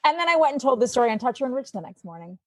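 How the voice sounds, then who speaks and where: A woman, a sports anchor guesting on a podcast, telling a story in a chatty, animated way full of "like" and acted-out quotes. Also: on the high side, very fast, no room sound. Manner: chatty, fills speech with "like". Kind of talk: casual storytelling.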